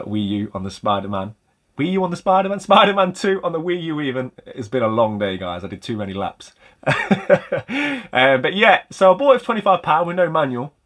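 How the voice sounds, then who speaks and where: A man's voice: fairly low pitch, a bit bright. Chatty man showing off game finds. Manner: chatty, rambling, light self-mocking humor. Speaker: retro game collector and channel host. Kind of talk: casual vlog chat about game pickups.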